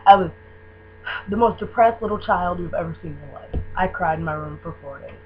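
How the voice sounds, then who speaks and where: A young woman from Michigan gushing about a band she loves in a casual video, with lots of "um" and "like" and excited rambling. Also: fairly low pitch, brisk. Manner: gushing, excitable, filler-heavy fan talk. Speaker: vlogger. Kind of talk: casual fan tag video. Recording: dull lo-fi webcam audio with faint hum.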